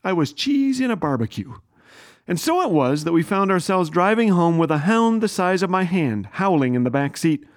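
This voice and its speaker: A man hosting a radio show, telling a funny family story in an animated, self-mocking way. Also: on the high side, moderate pace. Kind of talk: humorous storytelling.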